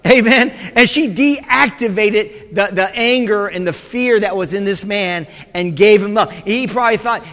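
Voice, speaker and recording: An emphatic male pastor with a very high, bright voice, preaching a sermon in a church. He punctuates his points with repeated calls of amen, and his voice rings through a reverberant hall. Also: measured pace, hardly any pauses.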